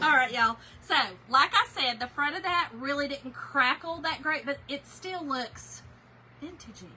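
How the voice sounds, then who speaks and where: A middle-aged woman, hosting a craft livestream and telling stories to viewers in an animated, laughing way. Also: high voice, slow pace, a little hiss or hum, low-quality recording. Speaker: craft segment host. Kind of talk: chatty livestream storytelling.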